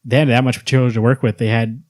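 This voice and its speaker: A man's voice: medium pitch, no echo, studio quality. A man co-hosting a podcast, chatting casually about comic book movies and acting out quotes. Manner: rapid, animated, acts out quotes. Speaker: podcast co-host.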